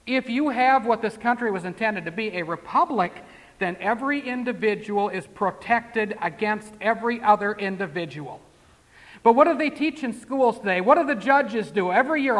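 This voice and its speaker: A man's voice: high voice, a bit bright. A man preaching a sermon in a folksy, conversational way, full of rhetorical questions and asides. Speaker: pastor. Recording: long hall reverb.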